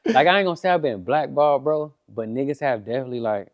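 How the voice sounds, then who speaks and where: A man's voice: mid-range voice, fast talker. A young man chatting casually on a podcast, telling stories with lots of swearing and acting out what others said. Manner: animated storyteller, acts out quoted dialogue, swears freely. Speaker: entrepreneur guest.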